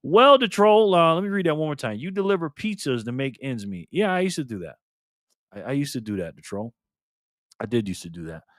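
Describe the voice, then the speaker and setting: A man's voice: a little high, very animated, a little fast, no echo, studio quality. A man hosting a casual livestream, reading viewer comments aloud in a loose, laid-back way and calling people man and brother. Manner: loose, repeats and restarts phrases. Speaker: livestream host.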